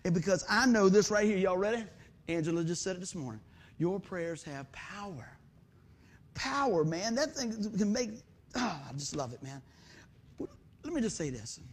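A man preaching a sermon as pastor, energetic, with loud bursts and quiet asides. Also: high voice, normal speed, slight background noise.

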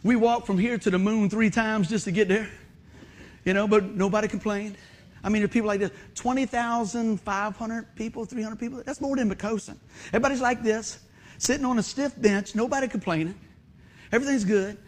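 A middle-aged man preaching a sermon, folksy and conversational, telling animated stories and joking with the congregation. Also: high voice, a little fast. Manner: animated storytelling, acts out shouts and exclamations. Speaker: pastor.

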